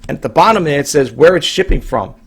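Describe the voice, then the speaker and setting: Speaking quickly in a slightly high, breathy voice with lively intonation, this middle-aged online reseller from New York delivers a casual monologue to his camera. His talk is rambling and emphatic, full of repetition and restarted sentences.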